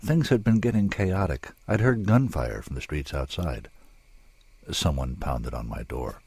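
A man narrating a story in a measured, dramatic way, with drawn-out pauses. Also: extremely low pitch, creaky, a little mellow, slightly rough, no echo.

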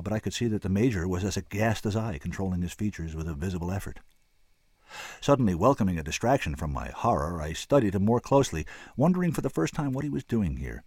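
A man narrating a first-person audiobook in an expressive storytelling manner. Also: low-pitched, husky, no room sound, clean studio sound.

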